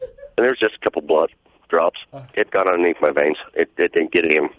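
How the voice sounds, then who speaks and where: A man's voice: low voice, brisk, fairly bright tone, no room sound, poor audio. A middle-aged man calling in to a radio show, telling his story in a matter-of-fact, rambling way. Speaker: caller. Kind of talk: phone-in story.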